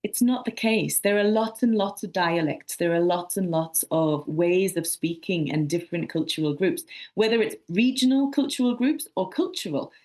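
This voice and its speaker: A woman presents at an academic conference in a friendly, repetitive way, with frequent "um"s. Her voice sits a little low for a woman. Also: normal speed, darkish tone. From Sunderland, England.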